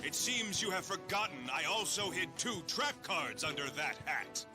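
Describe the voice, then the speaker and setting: An actor playing a confident young hero in a dubbed cartoon duel, with loud music under him. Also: male voice, high-pitched, lively intonation, normal speed. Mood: defiant. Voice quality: bold, commanding.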